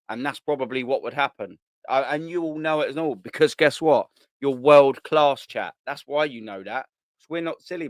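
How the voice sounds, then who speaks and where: With no room sound in the recording, a man's slightly high, fairly bright voice comes through as he hosts a live fan stream. He reads viewer comments in a casual, blunt way, dropping slang and swear words and repeating himself.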